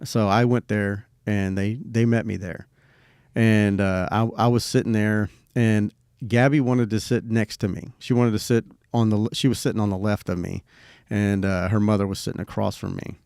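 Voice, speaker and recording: A man's voice: lowish voice, flat delivery, normal speed, gravelly, a little mellow, clear, resonant tone, dry recording, clean studio sound. A middle-aged man co-hosting a podcast, telling a personal story in a laid-back, rambling way and swearing freely. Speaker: podcast co-host. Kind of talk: casual storytelling chat.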